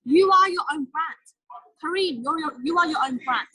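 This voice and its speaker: A woman giving a motivational sales training talk, energetic and direct in a coaching tone. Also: high voice, moderate pace, dry recording, low-quality recording.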